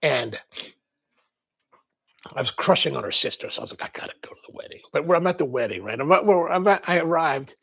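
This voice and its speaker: A man's voice: on the high side, expressive, fairly quick, gravelly, fairly bright tone, breathy edge. A man from Maryland hosting a coffee livestream, telling a rambling casual story and reading viewer comments. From Maryland, US East Coast. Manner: rambling storyteller, quotes people in voices, laughs.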